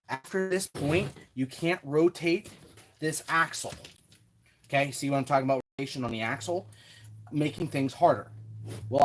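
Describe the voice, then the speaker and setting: A man's voice: fairly high pitch, slight background noise. A man hosting a hands-on build tutorial, chatting casually and talking himself through each step with self-deprecating asides, at a home workbench. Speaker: RC hobby tutorial host.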